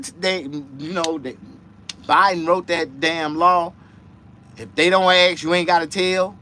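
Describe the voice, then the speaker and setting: A man hosting a casual livestream chat, rambling and profane, dropping to low mutters and jumping to high excited outbursts. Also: unhurried, a little hiss or hum. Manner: profane, rambling street talk. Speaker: livestream host.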